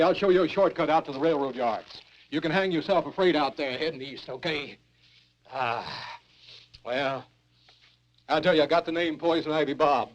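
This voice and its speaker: An older man telling his story as a hobo in a rambling, folksy drawl full of curses, on muffled 1970s film sound with hiss. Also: a little high. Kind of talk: rough storytelling documentary interview. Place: in a cave.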